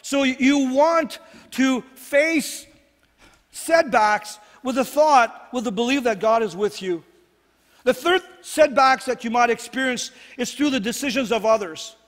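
A man's voice: very high-pitched, a little slow. A man preaching a sermon as pastor, earnest and repetitive, often checking in with "right?". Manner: earnest, repeats phrases, asks "right?" often. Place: church sanctuary. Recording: long hall reverb.

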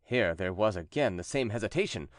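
A man narrating a classic text as an audiobook, telling the story in a lively, expressive way. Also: on the low side, brisk, no room sound, studio quality.

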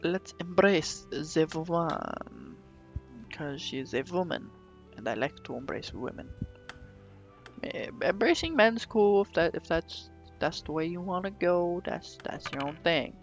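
A man's voice: on the high side, expressive, moderate pace, highs cut off, faint music behind. A man giving goofy, rambling commentary over a game he is playing, full of jokey asides. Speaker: let's play gamer. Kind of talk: casual gameplay commentary. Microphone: desktop microphone.

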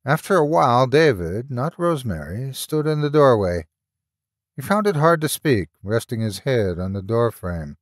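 A man's voice: medium pitch, big pitch swings, normal speed, no room sound, clean studio sound. Man narrating a horror audiobook.

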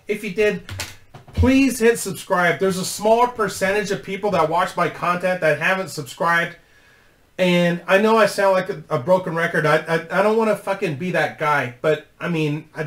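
A high-voiced man talks straight to camera for his own YouTube channel, telling a rambling, profane story and laughing easily. The sound is roomy and echoey, and a bit bright.

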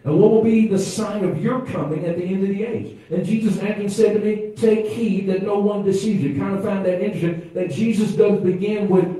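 A man preaches to his congregation, his voice running high and mellow. He goes from quiet asides to loud exclamations and has the crowd answer him back. He sounds far from the mic, with heavy echo off the church walls. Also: steady tone, a little fast, hardly any pauses. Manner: preaching with call-and-response to the congregation. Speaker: pastor. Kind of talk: sermon. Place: church sanctuary.

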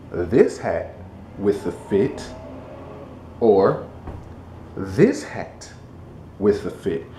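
A young man chatting casually to the camera in his bedroom, animated and slangy, laughing as he tells stories. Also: lowish voice. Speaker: vlogger. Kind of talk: casual vlog chat. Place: bedroom indoors. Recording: echoey room with faint noise.

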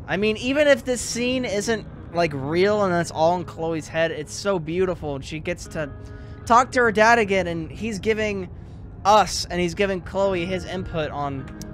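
A man with a high voice gives let's play commentary, slowly and emotionally sympathizing with the characters. He speaks at an unhurried pace, with faint music in the background. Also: expressive. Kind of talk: game commentary.

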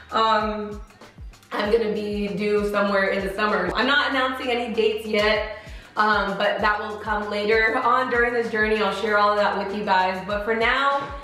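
Young woman vlogger, higher voice, laughing and teary, echoey room with music under. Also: a bit bright. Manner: emotional, laughing through tears. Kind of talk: casual chat to camera.

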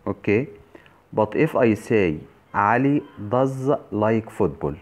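Slow, low-voiced male English teacher. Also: a little mellow. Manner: slow, deliberate explaining with frequent fillers and self-corrections. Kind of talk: recorded grammar lesson.

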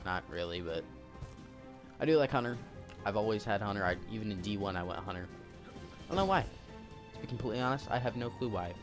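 Excitable gamer guy with a lowish voice. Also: quick pace, long pauses. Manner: chatty, excitable, reacts with sudden exclamations. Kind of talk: casual gameplay commentary. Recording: game audio mixed with loud music. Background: game music.

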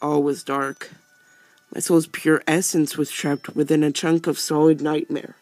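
A man's voice: fairly high pitch, flat delivery, measured pace, darkish tone, dry recording, soft background music. A man voicing a stately pillow prince from a video game who speaks in grand, archaic phrasing. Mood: grandiose.

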